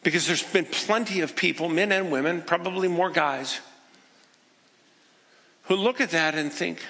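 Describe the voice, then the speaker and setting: A man preaching a sermon as pastor, telling everyday stories and voicing people's quiet prayers in a conversational way. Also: on the high side, moderate pace, long pauses, long reverb tail. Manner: conversational storytelling, acting out people's inner prayers.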